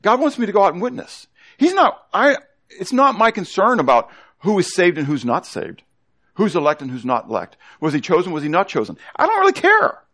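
A man teaching a Bible study sermon to a congregation, animated, constantly asking the room questions and coaxing children to join in. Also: high voice, a little fast.

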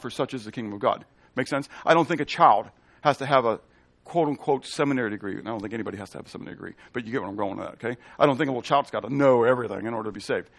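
A man preaches from the Bible while teaching a study as pastor, his voice medium in pitch and his delivery emphatic. Scripture quotes come out slow, loud, and drawn out, and he keeps asking the room questions that he then answers on his own.

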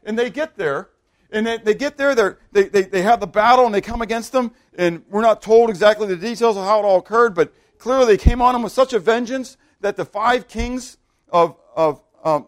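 A pastor preaching a sermon, animated and questioning his congregation, swinging between loud emphasis and hushed asides. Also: high-pitched, normal speed.

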